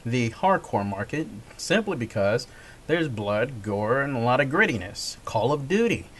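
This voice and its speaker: A male gaming vlogger rambles through a casual monologue, often stopping to correct himself and chuckle. His pitch swings widely, up and down, as he talks.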